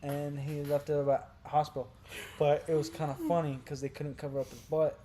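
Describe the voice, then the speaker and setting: A young man casually telling crude stories on a podcast, sliding from low mumbles into loud, animated outbursts. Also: brisk, slight background noise. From Brazil. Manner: animated, gets loud and laughing when telling wild stories. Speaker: podcast co-host. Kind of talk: casual storytelling chat.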